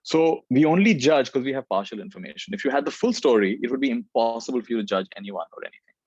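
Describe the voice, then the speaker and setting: A man's voice: medium pitch, expressive, fast, a little mellow, breathy edge, dry recording, highs cut off. A man giving a spiritual talk and answering questions, reflective and repeating phrases for emphasis. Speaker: spiritual teacher.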